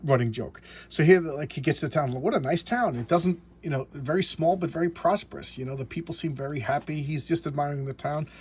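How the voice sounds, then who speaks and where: A man reviewing a comic book in casual talk, halting and repeating words as he enthusiastically walks through the story. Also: on the high side, a little mellow, slight background noise.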